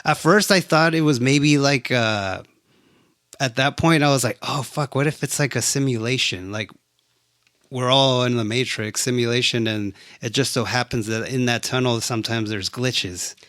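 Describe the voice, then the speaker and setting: A man chatting loosely about a film he watched, peppering his talk with swearing and jumping into the characters' lines. His voice sits at an ordinary pitch. The sound is dry and close, with no room ring. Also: normal speed, no echo. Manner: animated, profane, acts out scenes. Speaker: movie reviewer. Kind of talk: casual chat.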